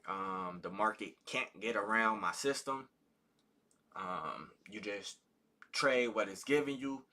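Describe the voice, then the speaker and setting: A man hosting a live trading stream with a fairly low voice that has a very bright, cutting edge. He teaches in a loose, conversational way, full of ums and restarts. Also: lively intonation, takes it slowly. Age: adult with a child. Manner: casual, loose, conversational with many fillers. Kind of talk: live market commentary and teaching.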